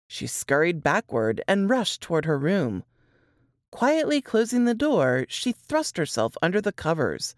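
A woman author reading her own dark fiction aloud in an expressive, measured way, on a close mic. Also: low voice, no echo.

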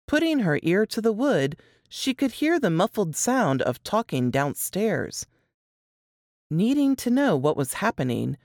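Woman author, story reading, low voice, unhurried, expressive, dry close recording. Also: gravelly, no echo. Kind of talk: dramatic fiction reading.

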